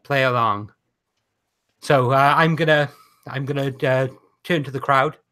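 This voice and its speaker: A man's voice: medium pitch, steady tone, unhurried, bright, forceful tone, clean tone. A man playing a tabletop game, laying out his character's actions step by step. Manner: describing his moves step by step. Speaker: player. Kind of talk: casual tabletop game play.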